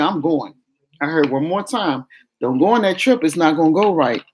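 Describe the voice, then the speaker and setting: Woman vlogger, casual storyteller who performs every quote. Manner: animated, acts out quoted voices with raised pitch.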